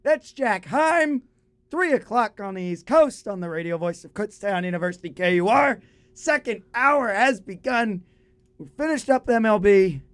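Young male college radio sports host, hoarse, high and animated, joking through the show. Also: normal speed. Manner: excitable, jokey, animated. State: hoarse, losing his voice. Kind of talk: casual sports chat.

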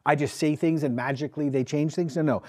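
A man's voice: fairly high pitch, steady tone, quick pace, a little mellow. A male pastor preaching a sermon to his congregation, emphatic and asking them questions. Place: church with a congregation.

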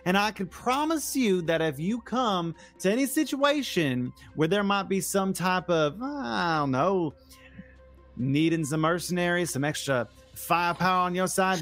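Male GM playing a brash southern sailor-for-hire, cocky, sales-pitch delivery, music bed behind. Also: expressive, unhurried, a bit bright, full character voice. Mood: persuasive. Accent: southern (put on). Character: brash male mercenary sailor leader, pushy.

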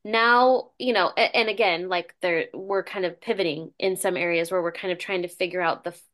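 A woman's voice: on the low side, fairly even intonation, brisk, a bit bright. A middle-aged woman hosting a podcast, talking earnestly in a loose, conversational way with many fillers and restarts. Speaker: podcast host. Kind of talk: casual conversational interview.

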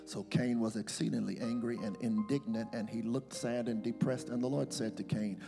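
A man's voice: medium pitch, steady tone, moderate pace, vocal fry. A man, a senior pastor, preaching a sermon and reading scripture, having the congregation repeat words after him. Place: church sanctuary. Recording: reverberant church hall with music behind.

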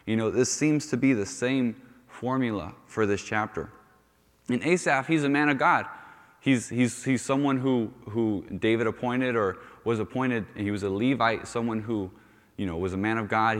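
A man's voice: medium pitch, normal speed, a bit bright. A male youth pastor giving a conversational sermon, often restarting phrases and saying "you know". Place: church sanctuary. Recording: long reverb of a church hall.

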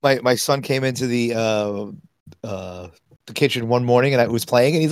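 A man's voice: mid-range voice, moderate pace, dry recording, studio quality. A man co-hosting a casual podcast chat, teasing and a little hesitant. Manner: teasing, hesitant, with many fillers. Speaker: podcast co-host.

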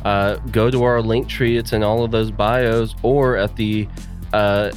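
A man's voice: lowish voice, flat delivery, unhurried, soft background music. A man, co-hosting a podcast and jokingly running through the show's links and plugs. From US South. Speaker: podcast co-host. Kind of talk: casual podcast outro chat.

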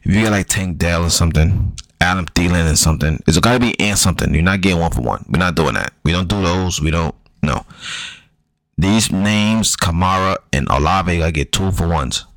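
Low male voice, casual slangy talk, repeats himself, dry close sound. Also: fairly quick, fairly bright tone, dry recording, poor audio. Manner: slangy, loose, repeats himself, frequent ums and curses. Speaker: fantasy football podcaster. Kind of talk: casual advice monologue.

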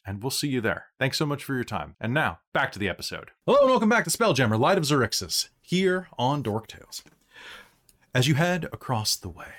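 A man hosting a podcast and narrating as game master in a relaxed, chatty way. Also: mid-range voice. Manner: relaxed, chatty, stumbles over words.

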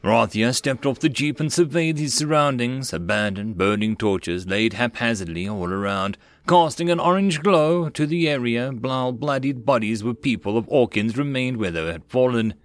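A man narrating a web novel audiobook in a plain, even reading voice. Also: mid-range voice, moderate pace, few pauses, no echo.

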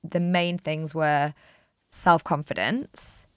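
A woman hosting a podcast interview as a coach, asking thoughtful, measured questions with light fillers. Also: low voice, steady tone, clear, resonant tone, no echo, clean studio sound. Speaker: host and coach.

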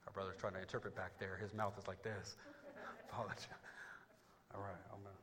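A man preaching to his church, dropping low and quiet, then surging loud and high, with quick stammered restarts. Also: little pitch movement, crowd noise. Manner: restarts words in bursts. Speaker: pastor. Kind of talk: sermon. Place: church before a congregation.

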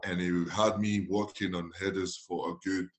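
French-accented man telling lively stories. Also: deep voice, moderate pace. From France. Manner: animated anecdotes, acts out quotes, laughs often. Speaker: guest, former footballer. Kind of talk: casual storytelling interview.

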